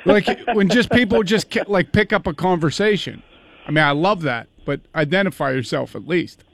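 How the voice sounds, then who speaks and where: High-voiced male radio co-host. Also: moderate pace, gravelly, no room sound. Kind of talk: casual radio chat.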